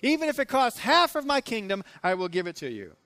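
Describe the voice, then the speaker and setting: A man's voice: very high voice, very animated, brisk, bright, forceful tone, no echo, long reverb tail, pitched above the performer's own voice, heavily acted. A man voicing an ancient king who eagerly offers a queen whatever she asks, in a raised, coaxing voice.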